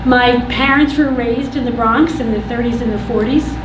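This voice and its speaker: A woman's voice: a little high, normal speed. A woman beginning a personal story on stage, nervous but joking. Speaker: storyteller at a community story event. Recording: echoey room with noise, distant mic.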